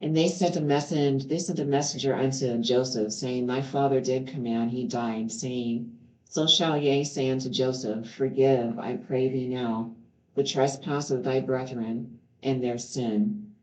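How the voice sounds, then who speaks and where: A woman's voice: extremely low pitch, steady tone, a little slow, darkish tone. Earnest woman reading scripture, roomy sound. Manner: earnest, stops to react with heartfelt remarks. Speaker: Bible reader. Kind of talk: reading scripture aloud with personal commentary. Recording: roomy, slightly dull home recording.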